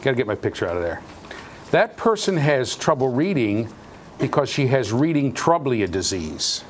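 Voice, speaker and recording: A man giving a university lecture in an animated, jokey way, with sudden loud outbursts. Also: mid-range voice, normal speed, a little hiss or hum. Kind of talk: classroom lecture. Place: lecture hall.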